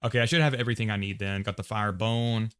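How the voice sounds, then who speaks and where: A man's voice: on the low side, steady tone, quick pace, a bit bright, smooth. A man with an American accent casually talking to himself and reading chat while setting up a game loadout on a livestream. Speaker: streamer.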